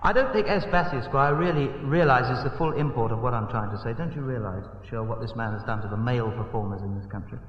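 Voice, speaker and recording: A British man doing theatrical comic banter as a guest entertainer, bursting into loud rhetorical outcries. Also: mid-range voice, fast talker, few pauses. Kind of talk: comic stage banter on a TV variety show. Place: TV studio stage. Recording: echoey, distant, dull lo-fi 1960 TV broadcast.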